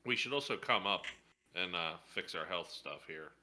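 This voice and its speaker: A man's voice: low-pitched, animated, moderate pace, bright, forceful tone, slight background noise. A man playing a tabletop game, making crude, brash jokes. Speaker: player. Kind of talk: casual tabletop role-play.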